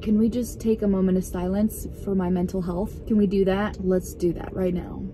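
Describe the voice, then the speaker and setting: A woman's voice: medium pitch, fairly even intonation, normal speed, background noise. A young woman vlogging from inside her parked car, chatting casually in a rambling, giggly way that startles easily. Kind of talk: casual vlog chat.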